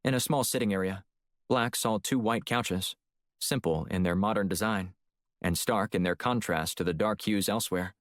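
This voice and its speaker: Man, audiobook narrator, deep voice, dry close sound. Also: normal speed, no room sound. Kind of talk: scripted narration.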